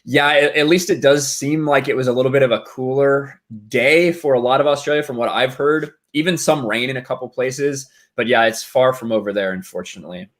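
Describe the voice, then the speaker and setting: A man hosting a charity stream, calmly reading out donations and thanking viewers. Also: mid-range voice, a little fast, hardly any pauses. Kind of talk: casual chat.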